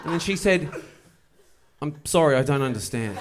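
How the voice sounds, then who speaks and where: A man doing stand-up, telling a story with wry, deadpan delivery and playful asides. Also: on the high side, a little fast. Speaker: stand-up comedian. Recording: live show with audible noise. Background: audience laughter.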